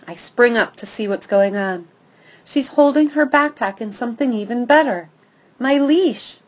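A woman reading an audiobook aloud in the first person, with lively, expressive storytelling. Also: fairly high pitch, poor audio. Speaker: audiobook narrator.

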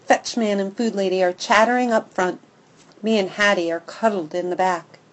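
A woman reading an audiobook aloud in the first person, with lively, expressive storytelling. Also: medium pitch, low-quality recording. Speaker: audiobook narrator.

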